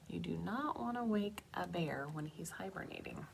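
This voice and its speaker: A young woman librarian reading a picture book aloud to children, animated and chatty, with asides to the kids. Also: fairly low pitch, normal speed, vocal fry, hardly any pauses, slight background noise.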